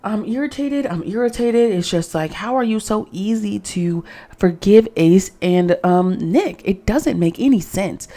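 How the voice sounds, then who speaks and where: Lady doing a reality tv recap, low-ish voice, mellow tone, opinionated and kinda fed up. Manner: opinionated, exasperated, talks straight to the viewer. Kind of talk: casual recap commentary.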